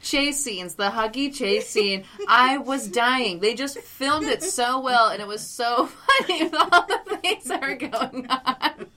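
A woman's voice: high-pitched, expressive, slow, few pauses, pushed and bright. A woman co-hosting a podcast in casual chat, teasing and laughing often. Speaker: podcast co-host.

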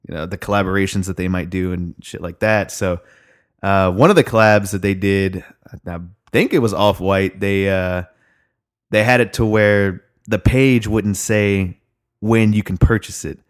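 A man's voice: low-pitched, steady tone, moderate pace, clean tone. A young man in casual chat, telling a long rambling story with lots of fillers and swearing.

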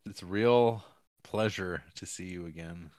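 A man's voice: deep voice, measured pace, darkish tone, no room sound. A man co-hosting a podcast, trading dry, jokey banter in casual chat. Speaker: podcast co-host.

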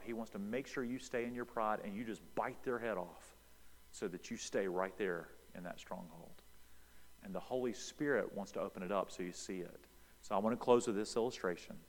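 Animated preacher in a reverberant hall. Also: male voice, medium pitch. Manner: emphatic, animated storytelling preacher. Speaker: pastor. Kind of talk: sermon. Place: church sanctuary.

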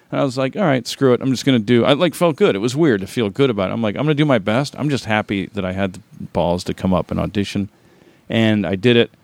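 A middle-aged man from the American Midwest, a guest telling relaxed, rambling stories in a casual podcast interview. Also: on the low side, dry recording. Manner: relaxed, rambling, with laughs and restarts.

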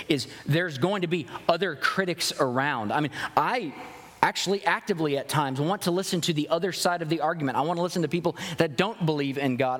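A young man delivers a sermon from the pulpit with earnest conviction. His voice sits a little high and he drives his points home with strings of rhetorical questions, often backing up to restart a phrase. A long reverb rings around him from the sanctuary. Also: fairly bright tone. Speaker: pastor. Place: church sanctuary.

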